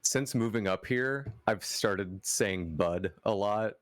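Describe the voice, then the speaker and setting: A man from the United States chatting casually on a stream, excitable and swearing, tripping over his words. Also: lowish voice, takes it slowly, no room sound, clean studio sound.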